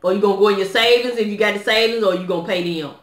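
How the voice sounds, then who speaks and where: A woman's voice: medium pitch, very fast. Blunt, exasperated woman vlogger, echoey room. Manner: blunt, exasperated, asks viewers questions. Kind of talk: casual direct-to-camera rant.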